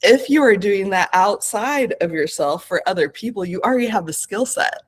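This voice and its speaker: A woman's voice: mid-range voice, animated, moderate pace, husky. A woman in her late thirties, a podcast guest telling her own story in an earnest, searching way, with many fillers and self-corrections. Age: 30s. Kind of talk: reflective conversational interview.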